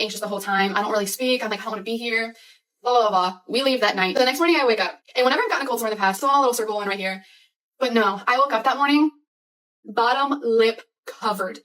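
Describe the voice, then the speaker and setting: Brief: woman in her 20s, anxious storyteller, rushed delivery, mic a little far off. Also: fairly high pitch, a bit bright. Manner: fast, anxious retelling with many "like"s. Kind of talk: personal storytime vlog.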